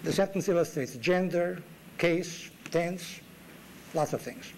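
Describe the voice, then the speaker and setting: A man's voice: fairly high pitch, slow, gravelly, darkish tone, a little hiss or hum, poor audio. A man giving a classroom lecture as guest lecturer in a university lecture room, with dry wit and emphatic rises.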